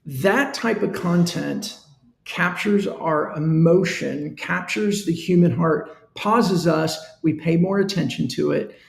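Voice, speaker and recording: A man's voice: a little high, takes it slowly, gravelly, echoey room. A man hosting a live-stream business talk, speaking earnestly and conversationally in a coaching tone. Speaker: show host.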